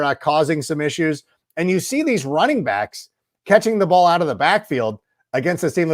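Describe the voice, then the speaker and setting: A man's voice: on the high side, dry recording, studio quality. A middle-aged man appears as a football analyst guest in a casual interview, chatting at length and rambling through his opinions with asides. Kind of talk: casual sports talk interview.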